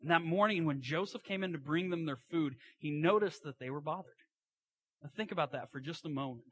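A man's voice: on the high side, brisk, breathy edge. A man preaching a sermon, retelling a story in a folksy way with asides and acted-out quotes.

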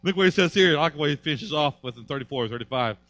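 Brief: male pastor preaching, high-pitched, forceful, dry close sound. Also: lively intonation, racing, dry recording. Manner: emphatic, repetitive preaching. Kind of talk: sermon.

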